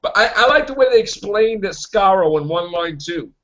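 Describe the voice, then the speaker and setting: A man hosting a casual fan chat, excitable, stammering and restarting, acting out quotes. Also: sits high, moderate pace. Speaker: podcast host. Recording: dull lo-fi recording.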